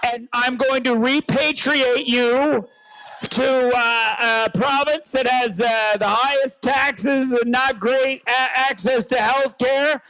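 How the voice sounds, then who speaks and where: Excitable newfoundland-born comic guy yelling jokes at a rally crowd, super high voice. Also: slow, no room sound, poor audio. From rural Newfoundland. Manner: loud, excitable, joking, often shouting to the crowd. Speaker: comedian performing at a rally. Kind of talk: stand-up banter with a live crowd. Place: outdoor stage at a rally.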